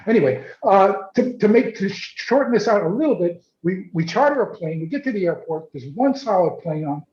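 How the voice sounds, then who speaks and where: Male photojournalist, raised pitch, chatty anecdote with restarts, echoey lo-fi call audio. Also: brisk. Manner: animated, repeats words, restarts often. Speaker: photojournalist guest. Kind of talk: casual storytelling on a video call. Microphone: video call. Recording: roomy, dull video call audio.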